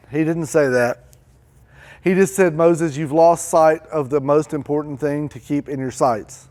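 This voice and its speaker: A male pastor delivers a sermon in a somewhat high voice. He acts out anguished complaints with dramatic swings, climbing loud and then sinking to a near murmur. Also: measured pace. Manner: dramatic, acting out desperate pleas in a raised voice. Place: church.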